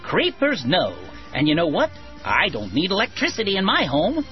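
A performer voicing a calm, smug male bug with a strange, otherworldly voice in an advertisement. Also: sits high, moderate pace. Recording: dull lo-fi audio with faint music.

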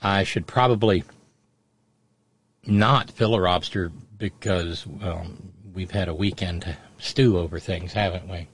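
A man's voice: deep voice, steady tone, measured pace, breathy edge. A middle-aged man hosting a radio show, telling a family story in a rambling, digressive way. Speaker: radio host. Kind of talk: casual radio monologue.

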